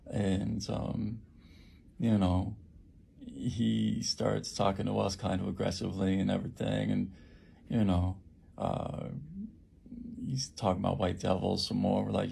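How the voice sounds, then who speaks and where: A man who works at a homeless shelter recounts an attack in a halting personal account, with many fillers and restarts. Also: lowish voice, level tone, vocal fry, warm tone, breathy edge.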